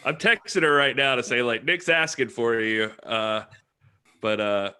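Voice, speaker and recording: A man hosting a casual live online chat over a video call, self-deprecating and quick to giggle. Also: mid-range voice, sharp tone, clear, resonant tone. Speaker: host.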